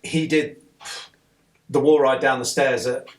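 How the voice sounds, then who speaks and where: A man, a podcast guest, telling an excited, rambling story in casual conversation, sitting some way off the mic. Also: medium pitch, a little slow.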